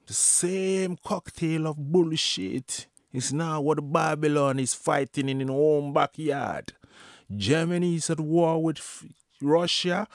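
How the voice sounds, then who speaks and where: A man's voice: on the high side, unhurried, no room sound, studio quality. A man giving an impassioned, preachy Rastafarian monologue full of repeated, emphatic warnings. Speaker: Rastafarian speaker.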